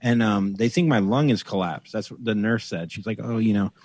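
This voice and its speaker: Animated man telling a comic story. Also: fairly low pitch, fairly quick, no room sound. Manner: animated, acts out voices in anecdotes. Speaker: podcast guest. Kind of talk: casual comedic storytelling.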